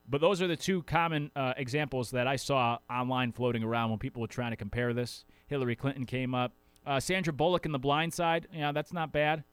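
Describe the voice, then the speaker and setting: A man's voice: medium pitch, fairly bright tone, no room sound. A man hosting a sports talk show in a casual, rambling way, often correcting himself mid-sentence. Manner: chatty, rambling, self-correcting.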